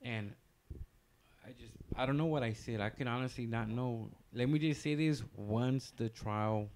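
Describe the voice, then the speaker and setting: Gravelly man telling a rambling story. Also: mid-range voice, normal speed, a little mellow. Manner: loose rambling delivery with many fillers and restarts. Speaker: comedian podcast guest telling a story. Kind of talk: casual storytelling chat.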